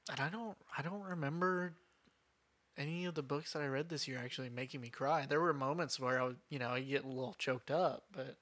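A man co-hosting a book podcast, speaking in a halting, hesitant way during casual chat. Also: mid-range voice, fairly bright tone. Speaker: podcast co-host.

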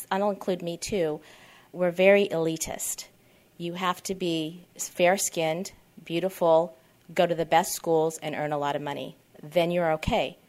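A woman around fifty speaking at a twelve-step meeting, candid and rambling, often backtracking. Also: on the low side. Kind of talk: personal share at a support meeting. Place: meeting room.

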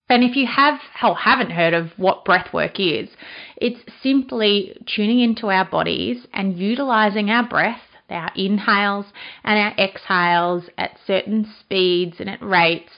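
A woman's voice: fairly low pitch, a bit bright. A woman hosting a podcast, a Pilates instructor, talking in an enthusiastic, chatty way. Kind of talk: casual podcast chat.

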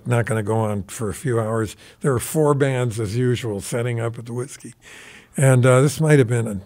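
A man's voice: mid-range voice, a little mellow. Older man telling a rambling story. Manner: rambling anecdotal, mimics quoted voices. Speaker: guest musician. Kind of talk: casual storytelling.

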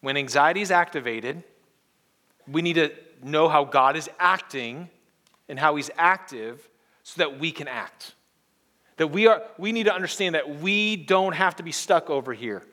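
A male pastor preaching a sermon in an earnest way, moving between hushed and emphatic delivery and leading the congregation in call-and-response. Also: fairly high pitch, lively intonation, moderate pace.

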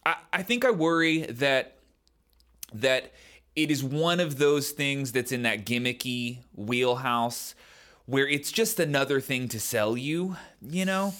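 A man's voice: mid-range voice, takes it slowly, fairly bright tone. Rambling casual male podcast host. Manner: rambling, musing, frequent "like" and "man". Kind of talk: casual chat.

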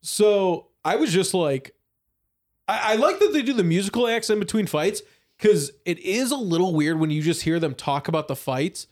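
High-voiced excitable man telling stories. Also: moderate pace. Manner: excitable storyteller, laughs often, acts out quotes. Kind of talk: casual chat.

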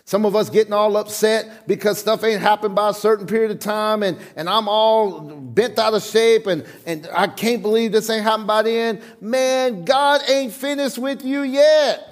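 A middle-aged man preaching a sermon, emphatic and repetitive, calling on the congregation to repeat after him. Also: high-pitched. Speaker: pastor.

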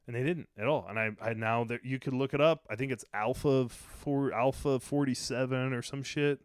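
A man's voice: mid-range voice, normal speed, clean tone, no echo, clean studio sound. A young man co-hosting a podcast, telling long rambling profane stories and mimicking the people he quotes. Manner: rambling, profane storytelling with put-on quoted voices. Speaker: podcast co-host. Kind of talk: casual chat.

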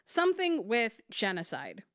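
A woman's voice: on the high side, huge pitch swings, measured pace, a bit bright, no echo, studio quality. A woman co-hosting a casual podcast, emphatic and passionate, swearing freely. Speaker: podcast co-host.

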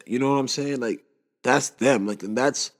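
A man's voice: mid-range voice, moderate pace, in a large hall. A man in his twenties hosting a podcast alone, talking in a loose, rambling monologue full of fillers, shaken and upset. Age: 20s. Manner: rambling, constant "you know what I'm saying" fillers. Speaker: podcast host. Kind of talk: casual solo monologue.

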